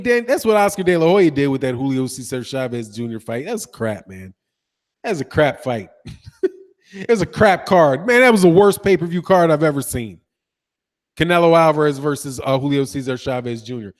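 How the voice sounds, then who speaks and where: A man's voice: on the high side, big-room sound. A man hosting a casual boxing livestream, reading viewer comments, laughing often and throwing in slang like "dog" and "man". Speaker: boxing channel host.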